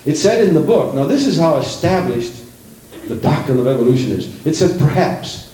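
Animated preacher in an echoey church. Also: male voice, a little high, moderate pace, far from the mic, a little hiss or hum. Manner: animated preaching, acting out quoted voices, rising emphasis. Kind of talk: sermon. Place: church sanctuary.

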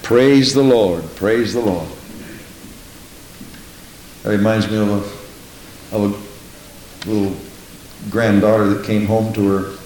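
A man preaching a sermon, telling stories in an emphatic way and often repeating a short phrase of praise. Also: a little mellow. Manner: emphatic, repeats "Praise the Lord", big pitch swings. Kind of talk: sermon with storytelling. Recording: very echoey room with faint hiss.

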